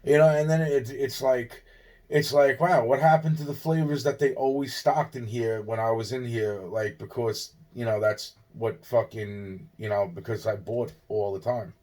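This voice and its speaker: A man's voice: mid-range voice, fairly even intonation, moderate pace, a little mellow. A man, from Long Island, rambling through an agitated, profane personal monologue and often restarting his sentences. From Long Island, New York. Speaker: vlogger.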